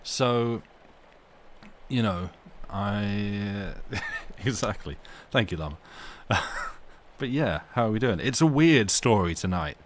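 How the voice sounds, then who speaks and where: A man's voice: on the low side, expressive, takes it slowly, a little hiss or hum. A man hosting a live stream, chatting casually with his viewers in a rambling, self-interrupting way, at home. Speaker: livestream host reading stories aloud.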